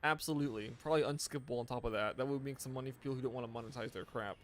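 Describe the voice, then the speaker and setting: A man's voice: medium pitch, rapid-fire, a little hiss or hum. A tired man streaming a game live, chatting loosely with viewers and often restarting his sentences. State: tired, yawning. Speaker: gaming streamer. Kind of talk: casual live-stream chat.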